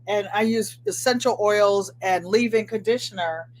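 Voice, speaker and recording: An older woman hosting a casual sewing and crafts vlog, rambling warmly to viewers and answering them by name. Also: mid-range voice, moderate pace. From Connecticut. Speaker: crafting channel host.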